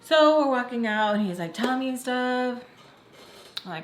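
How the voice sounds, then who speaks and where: Woman, storytime vlogger, chatty and dramatic, mid-pitched, echoey room, faint background noise. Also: moderate pace. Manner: dramatic, chatty, addresses viewers directly. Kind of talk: casual storytime chat.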